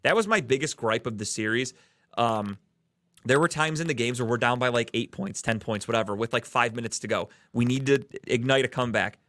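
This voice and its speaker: A man from the Cleveland area rants about sports on a casual podcast, swearing freely as he vents his anger. His voice sits at a middle pitch. The recording is close and dry, with no room sound. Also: fairly quick, fairly bright tone, no echo. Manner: profane, heated ranting. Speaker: podcast host.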